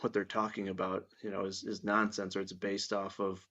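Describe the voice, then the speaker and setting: Low-voiced blunt man, lo-fi sound. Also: little pitch movement, normal speed, sharp tone. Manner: blunt, opinionated, profane. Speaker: guest. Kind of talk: casual podcast chat. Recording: dull lo-fi sound.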